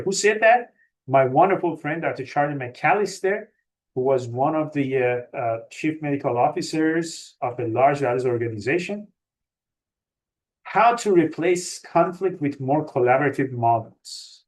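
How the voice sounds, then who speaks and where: A man with a fairly high voice delivers a medical webinar lecture. He is lively and self-mocking, and he slips into the voices of hard-to-work-with colleagues to make his points. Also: normal speed. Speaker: physician lecturer.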